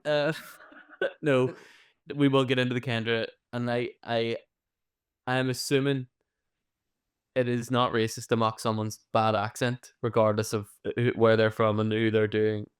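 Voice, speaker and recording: Animated man, clear voice. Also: mid-range voice. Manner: animated, swears freely, quick reactions. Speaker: podcast co-host. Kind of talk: casual podcast chat.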